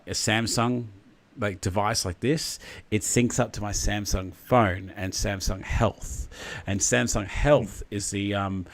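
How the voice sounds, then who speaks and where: A man hosting a livestream, chatting casually in a rambling, jokey way and reading out viewer comments. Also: lowish voice. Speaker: livestream host.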